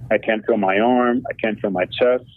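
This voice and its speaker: Low, flat-voiced man on a tinny line. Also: moderate pace, no room sound. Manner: emotional and earnest, many fillers and restarts. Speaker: interview guest. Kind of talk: candid personal storytelling. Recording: dry, tinny phone-like sound.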